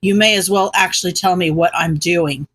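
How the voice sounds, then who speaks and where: A woman voicing a hot-tempered, foul-mouthed teenage boy who yells scornful insults. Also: on the low side, fairly even intonation, moderate pace, breathy edge, voice pushed down.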